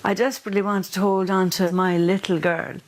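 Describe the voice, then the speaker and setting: Gentle Irish mother. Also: mid-range voice, flat delivery, brisk. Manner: gentle, tender. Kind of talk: documentary conversation.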